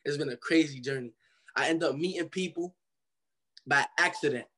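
A young man from Cincinnati tells his story in a loose, slangy way, acting out the voices of the people he quotes. His voice sits a little on the higher side. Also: moderate pace, sharp tone. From Cincinnati, Ohio. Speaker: guest artist. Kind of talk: casual storytelling interview.

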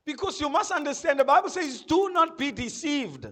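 A male pastor, preaching a sermon. He swings from loud proclamations to quiet asides and keeps asking the congregation questions. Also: very high voice, big pitch swings, moderate pace. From South Africa.

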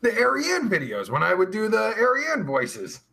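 A foul-mouthed man hosting a talk show, his voice gravelly and bright, swinging widely in pitch as he mocks, swears and laughs at the chat. His banter is crude and loose. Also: wildly swooping pitch, normal speed. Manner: profane, mocking, loud laughs. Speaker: podcast host reading live chat.

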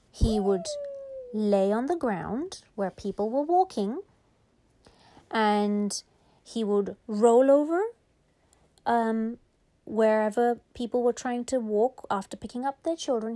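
A woman improvising a bedtime story for a child, lively, with drawn-out words and hushed whispers. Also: a little high.

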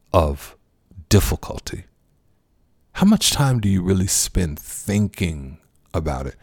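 A man preaching a sermon, addressing listeners as friends and repeating key lines slowly for emphasis. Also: sits low, creaky, mellow, no echo, clean studio sound.

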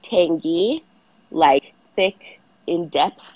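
A bubbly woman in her late twenties, a guest in a casual interview, with a low voice for a woman and a lot of "like" in her talk. She laughs easily. The sound is dry and a bit dull. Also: animated, extremely slow, husky, no room sound. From San Fernando Valley, California.

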